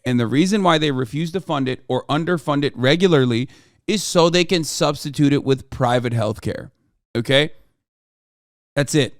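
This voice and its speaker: A man's voice: a little high, normal speed, no echo, clean studio sound. A man ranting and arguing on a live-stream reaction, heated and heavily profane. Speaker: political streamer.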